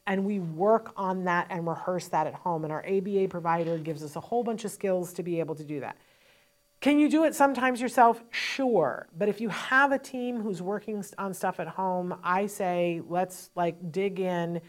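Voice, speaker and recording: A woman hosting a parent advice show, talking emphatically and quickly with frank asides into a studio microphone. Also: on the low side. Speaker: host and parent advocate.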